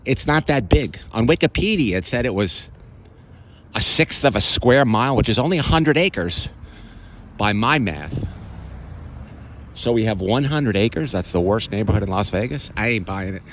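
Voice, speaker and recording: A man's voice: fairly low pitch, expressive, normal speed, slight background noise. A man walking through his own neighborhood outdoors, chatting to the camera in a casual, sarcastic way. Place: outdoors on city streets.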